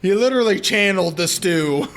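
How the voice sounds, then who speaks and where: A man's voice: high-pitched, expressive, a little fast, a bit bright. A man co-hosting a casual movie podcast, trading wry, jokey asides. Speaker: podcast co-host.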